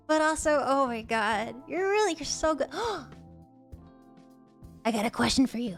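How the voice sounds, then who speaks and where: A woman streaming casually, bubbly and excitable, gasping and chatting to her viewers. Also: high-pitched, moderate pace, long pauses, soft background music. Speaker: livestreamer. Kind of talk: casual livestream chat.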